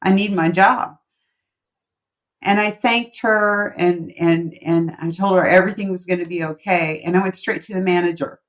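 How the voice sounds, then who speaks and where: Earnest lower-voiced woman telling stories. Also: steady tone, moderate pace, hardly any pauses. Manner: earnest, heartfelt, repeats words for emphasis. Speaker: guest, relationship coach. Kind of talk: casual interview chat, storytelling.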